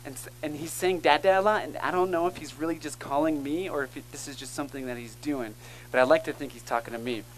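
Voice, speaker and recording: A man's voice: on the high side, steady tone, fast, a little hiss or hum, rough recording. Earnest man preaching a sermon. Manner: earnest, emphatic preaching with call-and-response asides. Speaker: pastor.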